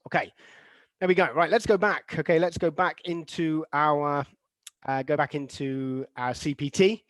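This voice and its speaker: A man's voice: a little high, dry recording. Man teaching an online class, close dry mic. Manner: asks the class questions, reads out chat replies; many fillers and restarts, models stress patterns aloud. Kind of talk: online teacher-training lesson.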